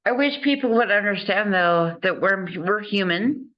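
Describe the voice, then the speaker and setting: Woman host, earnest and encouraging, slow careful speech, muffled lo-fi sound. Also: medium pitch, expressive. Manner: earnest and encouraging, laughs often. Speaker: interview host. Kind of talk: casual conversation.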